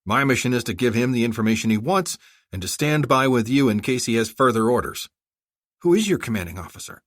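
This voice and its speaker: Man reading a blunt flat-toned master sergeant. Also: medium pitch, a little fast, no echo, studio quality, pitched above the performer's own voice, close to an everyday voice. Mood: firm. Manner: flat and dutiful. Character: blunt male special-forces master sergeant.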